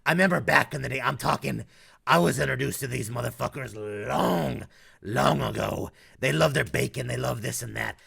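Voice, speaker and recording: YouTuber, man from North Carolina, Southern accent, raspy fry-heavy voice, crude casual commentary. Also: mid-range voice, moderate pace, fairly bright tone. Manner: crude, profane and blunt.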